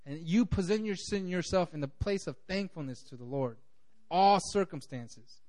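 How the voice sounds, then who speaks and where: A man's voice: fairly high pitch, lively intonation, moderate pace, a little mellow. A man preaching a sermon as pastor, in a conversational way full of "you know", acting out the voices he quotes.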